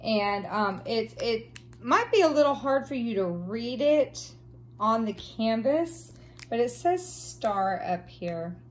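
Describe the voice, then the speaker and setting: A woman, chatting casually and gushing excitedly while unboxing craft supplies and reading out numbers. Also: a little high, takes it slowly. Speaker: craft vlogger.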